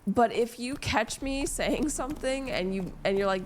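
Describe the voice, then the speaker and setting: A woman's voice: a little high, moderate pace, slight background noise. A young woman, chatting casually with her stream while gaming, rambling and self-deprecating with lots of fillers.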